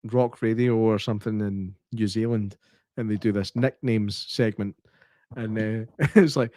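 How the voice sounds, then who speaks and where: A man, co-hosting a podcast in laughing, animated casual chat. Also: fairly low pitch, measured pace, no echo, clean studio sound. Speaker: podcast co-host.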